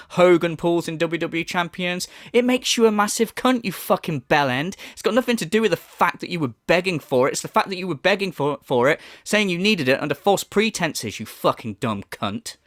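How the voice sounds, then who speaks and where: Profane man ranting, lively pitch. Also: no room sound, studio quality. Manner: profane, mocking, exasperated. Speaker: commentary YouTuber. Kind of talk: ranting video commentary.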